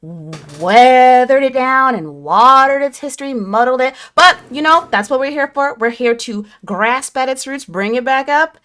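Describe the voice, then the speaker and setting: A woman co-hosting a podcast in casual chat, playful and quick to laugh. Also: high voice, a bit bright. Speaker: podcast co-host.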